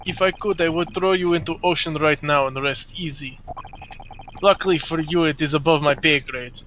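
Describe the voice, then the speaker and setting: A man doing a surly Russian crewman with a put-on accent, curt broken English and a slightly high, bright, sharp-edged voice, read out for a game stream over a faint hiss. Each line comes out scornful and clipped. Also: normal speed, natural voice, low-quality recording. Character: gruff hostile male Russian ship crewman. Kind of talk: reading game dialogue aloud on a live stream.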